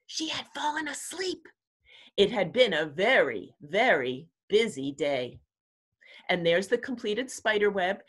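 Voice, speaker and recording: A woman kindergarten teacher reading a picture book aloud to young children, acting out the animal sounds with an expressive voice. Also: medium pitch.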